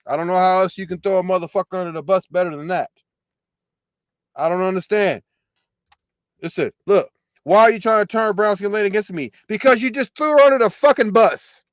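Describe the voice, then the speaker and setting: A man with a high voice runs his own show, tearing into a replayed clip with profane, mocking commentary. He hammers the same phrases over and over. The sound is dry, with no room echo. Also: a little slow. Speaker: show host reacting to a clip. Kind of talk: casual reaction commentary.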